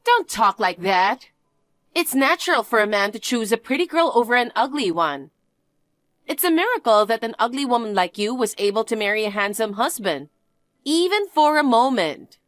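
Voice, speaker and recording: A woman's voice: on the high side, very animated, moderate pace, no echo, studio quality. A woman voicing a spoiled young niece who stole her aunt's husband, talking in a sneering, sing-song, teasing way in a scripted dialogue drama. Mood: whiny, smug.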